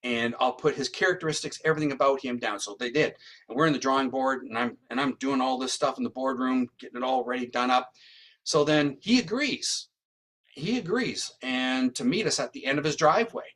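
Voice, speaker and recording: A man's voice: mid-range voice, brisk. A man, a guest psychic medium and criminal profiler, telling a story in an interview and often tagging his lines with "right?". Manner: animated retelling, tags lines with "right?".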